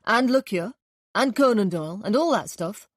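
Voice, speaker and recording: Give me a woman voicing a practical police detective in a storybook, low-key and matter-of-fact, recorded dry. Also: lively intonation, moderate pace, dry recording, natural voice. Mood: casual. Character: plain-spoken male police detective, steady and practical.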